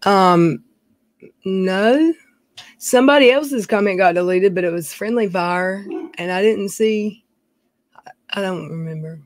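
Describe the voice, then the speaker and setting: A middle-aged woman with a drawl hosts a casual live stream from a dim room at home. She greets viewers by name and chats in a loose, folksy way. Her voice sits at an ordinary pitch and sounds dry and close to the mic. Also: unhurried, pauses often, dry recording. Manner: chatty, reads viewer names aloud, folksy.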